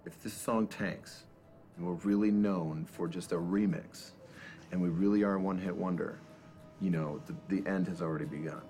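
A man's voice: sits low, fairly even intonation, moderate pace, mellow, faint music behind. A man, a band member, telling his story casually and reflectively in a documentary interview.

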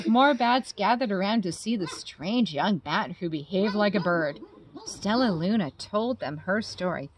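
Animated woman reading a picture book aloud. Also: measured pace, noisy background. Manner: animated, voices the characters with high squeaks. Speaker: faculty member reading a children's book. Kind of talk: storybook read-aloud.

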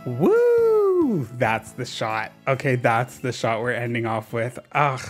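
A gaming YouTuber giving casual let's-play commentary, excitable and dramatic, using lots of slang and talking to the characters on screen. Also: mid-range voice, measured pace, faint music behind. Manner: talks to game characters while playing.

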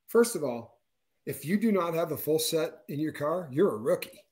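A man in his fifties, co-hosting a casual chat and acting out quotes with big jumps in his voice. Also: normal speed. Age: 50s. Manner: animated storyteller, acts out quotes with big pitch jumps. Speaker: co-host.

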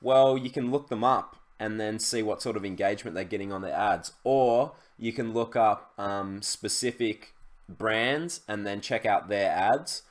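A man's voice: on the low side, measured pace. A young man, chatting casually through a screen-share tutorial, loose and full of fillers and restarts. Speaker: e-commerce YouTuber.

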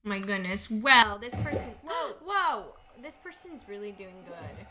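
A young woman co-hosting a casual livestream, bubbly and animated as she reacts to a game. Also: medium pitch, slow pace, a crowd in the background. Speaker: livestream co-host.

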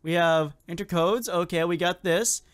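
A gaming video creator giving casual, excitable play-by-play commentary, chatting to game characters and laughing often with lots of ups and downs in pitch. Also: normal speed, clean tone.

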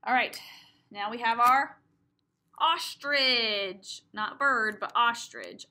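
A young woman teaches preschoolers through a recorded video lesson. She speaks slowly in a slightly high, bright voice. She sounds out each vowel with patient, emphatic repetition.

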